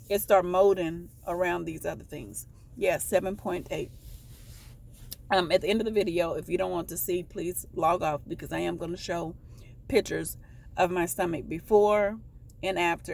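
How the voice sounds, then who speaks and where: A woman vlogger telling a personal story in a casual, rambling way, often halting to correct herself. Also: on the low side, gravelly, a little mellow, a little hiss or hum.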